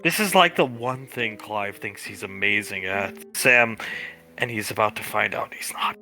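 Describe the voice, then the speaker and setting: A man with a very bright, forceful voice narrates his part in a tabletop role-playing game, moving between narration and character lines. He laughs often and keeps a loose, casual delivery. Faint music plays behind him. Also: lowish voice, normal speed.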